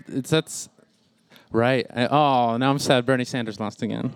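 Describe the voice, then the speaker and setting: A man's voice: medium pitch, unhurried, smooth, no room sound. A man in his thirties doing a rambling stand-up set, laughing at his own jokes. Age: 30s. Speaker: stand-up comic.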